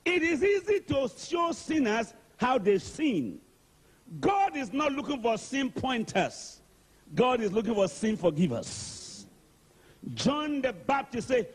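A Nigerian preacher delivers his sermon in a high, husky voice that swoops up and down. He is emphatic and keeps calling on the congregation to answer him. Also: very animated, unhurried. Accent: Nigerian English. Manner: call-and-response, emphatic. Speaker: archbishop, preacher.

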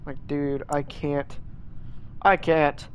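A man's voice: fairly high pitch, little pitch movement, takes it slowly, a little hiss or hum. A young man streaming a game in casual chat, whining and ranting in exasperation, repeating his complaints.

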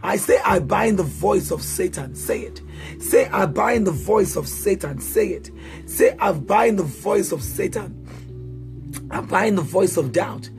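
A man's voice: sits high, expressive, unhurried, vocal fry, soft background music. A man preaching and leading prayer, chanting declarations in a sing-song rhythm and prompting listeners to repeat after him. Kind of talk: sermon prayer.

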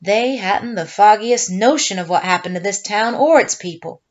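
A woman's voice: medium pitch, moderate pace, close to an everyday voice. Woman doing a polite lieutenant reporting to his captain, slightly muffled. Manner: reporting, deferential. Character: young army lieutenant, dutiful and polite.

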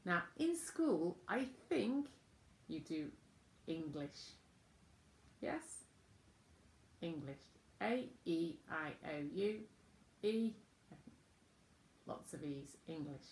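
A woman teaching children school signs, gentle and patient, naming each word with pauses. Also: lowish voice, roomy sound. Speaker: children's sign language presenter. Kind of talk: slow teaching talk to children.

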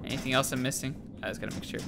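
A man's voice: mid-range voice, very fast, vocal fry, loud music behind the voice. A young man giving casual let's-play commentary, talking to himself and viewers, yelping and laughing as he plays. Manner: excitable, talks to himself and viewers while playing, yelps and laughs. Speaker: gaming YouTuber.

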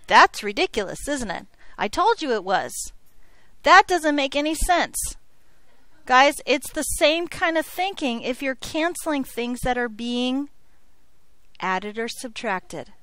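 A woman's voice: high voice, lively intonation, slow, a bit bright, no room sound. A woman teaching an algebra class, joking with her students and checking in with frequent questions. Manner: playful, jokey, checks in with frequent "okay?". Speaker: high school algebra teacher. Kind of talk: classroom lecture.

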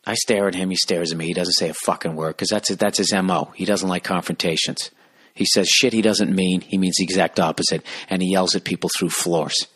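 A man hosting a podcast, telling a rambling, profane comic story and jumping into loud high voices for the people he quotes. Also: husky. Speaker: podcast host. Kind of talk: solo comedic rant.

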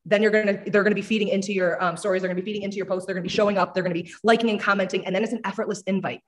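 A team leader gives an upbeat motivational talk over a video call, coaching her listeners. She speaks extremely fast, firing line after line at a medium pitch. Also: fairly even intonation. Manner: rapid-fire, upbeat, coaching. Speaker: network marketing team leader. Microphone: video call audio.

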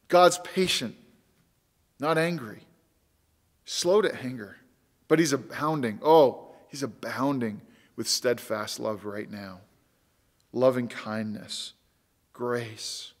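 In a church sanctuary, a man preaches a sermon as pastor, earnest and emphatic, repeating key words to give them weight. His voice is high-pitched, with a long reverb tail.

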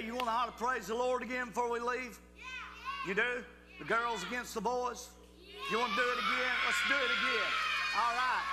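An older man leads a children's Bible school assembly in a folksy, coaxing way, calling out to the crowd. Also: sits high. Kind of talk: leading a children's church assembly. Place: church hall. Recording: hall reverb with music.

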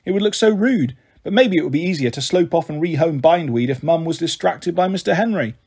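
A storyteller with a slightly high, husky voice reads a children's novel aloud at a fairly quick pace. He narrates gently and steadily for young listeners, raising and lowering his pitch to voice each character.

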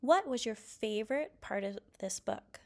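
A woman reading a children's picture book aloud, lively and expressive, then posing questions to young listeners. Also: medium pitch, unhurried, creaky. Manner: expressive, lively character quotes. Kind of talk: read-aloud storytelling.

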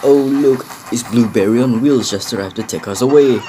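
A man voicing rowdy, mocking freight trucks in a homemade storybook tale, speaking in a loud, teasing way. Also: fairly high pitch, measured pace, slight background noise, voice pushed up, close to an everyday voice. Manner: jeering and teasing. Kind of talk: storybook voice acting.

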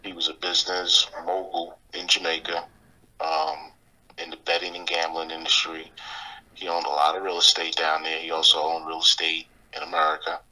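Middle-aged man, low pitch, reflective motivational talk, casual filler phrases. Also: monotone, moderate pace, bright, forceful tone, low-quality recording. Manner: reflective, motivational, many "you know" fillers. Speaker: podcast guest.

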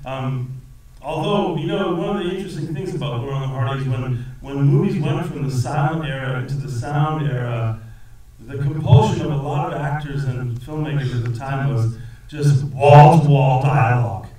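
Animated man in an echoey theater. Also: medium pitch, normal speed. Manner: rambling, animated, laughs often. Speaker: actor guest at film Q&A. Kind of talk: conversational Q&A answers. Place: cinema auditorium. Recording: echoey theater from a distance with audience.

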